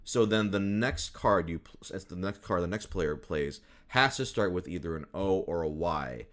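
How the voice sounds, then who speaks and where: A man's voice: sits low, animated, moderate pace, a bit bright. A man hosting a podcast in casual chat, rambling with fillers and frequent laughs. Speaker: podcast host.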